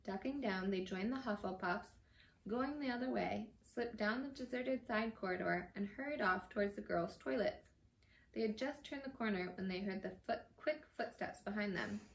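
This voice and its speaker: A woman's voice: mid-range voice, normal speed, creaky. A woman reading a novel aloud in a casual storytelling manner, now and then slipping and correcting herself. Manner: warm casual storytelling, occasional slips and self-corrections. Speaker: reader. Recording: echoey room.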